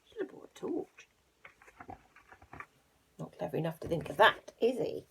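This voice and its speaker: A teacher reading a picture book aloud to young children. She plays up the animal noises and drops into hushed asides between the lines. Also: fairly low pitch, animated, moderate pace, gravelly, long pauses, breathy edge.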